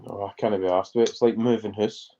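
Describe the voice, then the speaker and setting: A man's voice: lowish voice, steady tone, fast, warm tone, highs cut off. A Scottish man joining a casual stream chat over a video call, telling anecdotes in a dry way and swearing casually.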